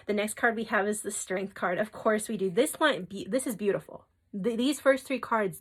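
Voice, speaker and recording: Earnest woman giving a tarot reading. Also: medium pitch. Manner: soft, earnest and emotional, with frequent "okay?" and "like" asides. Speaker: tarot reader.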